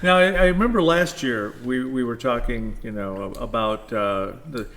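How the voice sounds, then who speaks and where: A man's voice: mid-range voice, moderate pace, fairly bright tone. A man co-hosting a casual chat show, chiming in with upbeat, joking remarks. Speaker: co-host.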